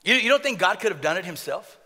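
A man's voice: high voice, sing-song, fast talker, bright, forceful tone, big-room sound. A man preaching a sermon in a joking way, often repeating words and laughing at his own jokes. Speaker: pastor.

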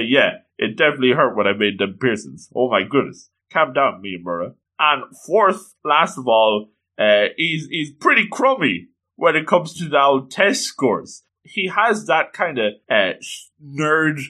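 A man excitedly recapping an anime episode, often breaking into exclamations. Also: medium pitch.

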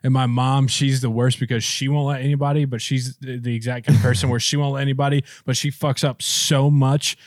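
A man's voice: medium pitch, flat delivery, a little fast, hardly any pauses, no room sound, clean studio sound. A man co-hosting a podcast in casual chat, loose and profane, laughing often as he banters. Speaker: podcast co-host.

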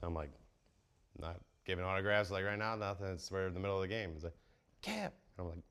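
Man, lowish voice, casual chat, animated storytelling, swearing, sudden high quotes. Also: fast talker, smooth. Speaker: podcast guest, baseball player.

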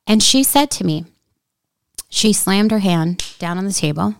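A woman's voice: mid-range voice, expressive, unhurried, gravelly, clear, resonant tone. A woman telling a story in casual conversation, speaking earnestly and shifting into preacher-like emphasis. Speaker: guest.

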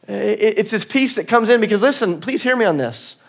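A man's voice: high voice, lively intonation, moderate pace, vocal fry. A man giving a church sermon in a conversational, earnest way, sometimes laughing at himself. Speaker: pastor. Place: church auditorium.

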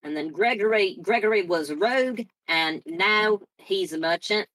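A woman's voice: mid-range voice, moderate pace, a bit bright, no room sound. A woman player at a tabletop game, casually recapping everyone's characters.

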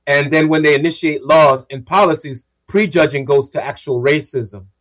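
A man co-hosting a radio talk show, explaining ideas in a measured, casual way. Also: a little high, fairly even intonation, fairly bright tone. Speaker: radio co-host.

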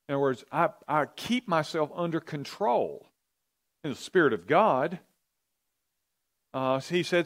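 A man's voice: on the high side, sing-song, a little slow, long pauses. A man leading an interactive church teaching, conversational, asking the audience questions and often repeating himself. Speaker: pastor or Bible teacher.

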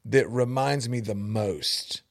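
A middle-aged man, hosting a casual chat and telling animated family stories full of laughter and restarts. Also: medium pitch, takes it slowly, gravelly. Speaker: podcast host.

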